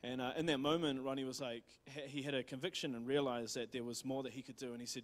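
A man's voice: mid-range voice, fairly even intonation, quick pace, few pauses. A man with a New Zealand accent retelling a missionary's story in a church talk, rambling with many fillers and restarts. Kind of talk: casual sermon storytelling.

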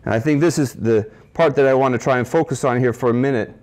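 At a men's ministry breakfast in a cafe, a man preaches a sermon in a mid-range, darkish voice at a quick pace. He asks his listeners questions and quotes scripture.

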